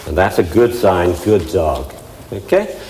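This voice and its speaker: A man's voice: sits low, lively intonation, measured pace, darkish tone, a little hiss or hum. A man working as a dog trainer, explaining step by step in a chatty way during a live demonstration with several dogs. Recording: echoey hall with faint ambience.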